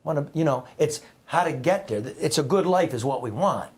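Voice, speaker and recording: Husky middle-aged guy rambling through stories, pushes hard on some words. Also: fairly high pitch, animated, moderate pace. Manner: rambling, heartfelt, with restarts and bursts of emphasis. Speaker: guest, former newspaper reporter. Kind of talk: conversational storytelling.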